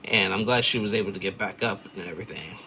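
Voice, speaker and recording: A man's voice: fairly low pitch, fast talker, pushed and bright, a little hiss or hum. A man casually recapping a reality TV episode, rambling and chatty with lots of fillers. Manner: rambling, chatty, loose filler-heavy storytelling.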